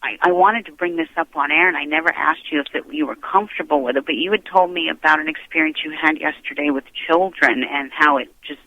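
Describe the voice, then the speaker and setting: A man's voice: fairly high pitch, fast, few pauses, no echo. A man hosting a radio show, chatting casually with a guest and gushing with praise. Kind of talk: casual interview chat. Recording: tinny phone line.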